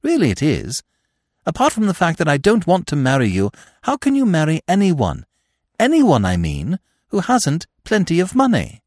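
A man doing a brisk, exasperated young woman. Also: fairly high pitch, wildly swooping pitch, a little mellow, no room sound, clean studio sound, voice pushed up.

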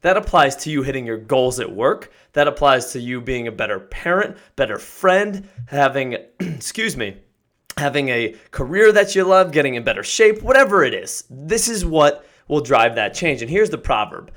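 A man hosting a podcast, giving an energetic, emphatic motivational talk that builds to excited shouts. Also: medium pitch, moderate pace. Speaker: podcast host.

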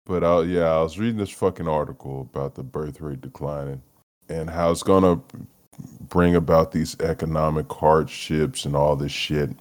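A man hosting a solo podcast, rambling in a low-energy, profane way, trailing off and laughing as he talks. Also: steady tone, normal speed, darkish tone. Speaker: podcast host. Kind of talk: solo casual rant.

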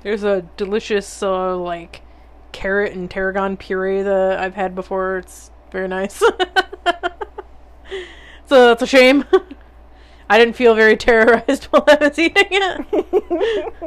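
A woman's voice: mid-range voice, unhurried. A woman co-hosting a podcast, chatting playfully, laughing a lot and swearing casually. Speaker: podcast co-host.

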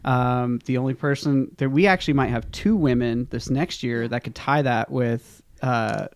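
A man hosting a casual podcast interview, easygoing and a bit halting, quick to laugh. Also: medium pitch. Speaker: podcast host.

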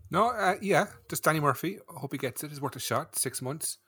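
Husky, bright man. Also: on the high side, expressive, brisk. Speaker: podcast co-host. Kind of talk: casual sports podcast chat.

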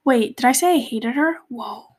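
A woman's voice: fairly high pitch, normal speed. Young woman telling a rambling personal story. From Cape Verde. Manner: rambling, many fillers and restarts, drops to a whisper at times. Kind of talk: casual confessional storytelling.

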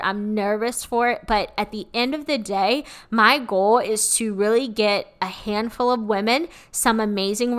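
A woman hosting a solo motivational podcast, giving an energetic, hyped-up pep talk full of swearing. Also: mid-range voice, clear, resonant tone. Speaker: podcast host.

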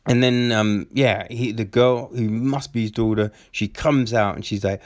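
Slow, rambling male film reviewer. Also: fairly low pitch, fairly even intonation, no room sound, clean studio sound. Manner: rambling, many fillers and restarts. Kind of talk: casual film recap.

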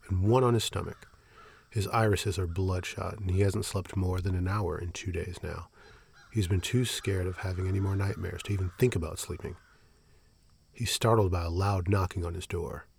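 Gravelly, low male horror narrator. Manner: steady, measured storytelling. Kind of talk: scripted horror story reading.

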